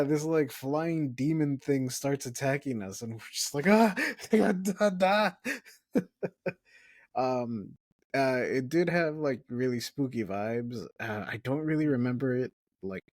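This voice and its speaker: A man's voice: mid-range voice, no room sound. Laid-back man chatting in a dry room. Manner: laid-back, swears, laughs often. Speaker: podcast co-host. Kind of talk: casual chat.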